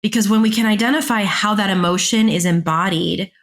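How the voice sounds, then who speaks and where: A woman's voice: medium pitch, a little fast. A woman in her thirties, a dance therapist guest, explaining ideas in a reflective, casual way and acting out quoted thoughts. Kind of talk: casual podcast conversation.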